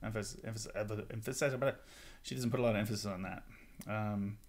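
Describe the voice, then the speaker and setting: A man's voice: lowish voice, fairly even intonation. A man working through a vocal arrangement at his computer, thinking aloud with lots of ums and hums. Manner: halting and self-talking, many ums, hums bits of melody. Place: at a computer with notation software. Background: song recording playing.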